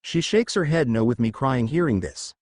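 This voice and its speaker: A man's voice: medium pitch, animated, moderate pace, darkish tone, no room sound, studio quality. A man narrating a first-person fan fiction story and reading every character's lines in his own voice. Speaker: fanfiction narrator.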